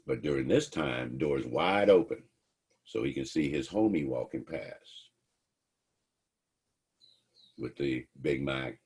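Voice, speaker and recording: A man's voice: a bass voice, slow pace, vocal fry, long pauses, husky. A man giving a casual, blunt lecture about the law, telling stories with profanity. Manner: blunt, profane, animated storytelling. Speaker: speaker teaching about police and the law.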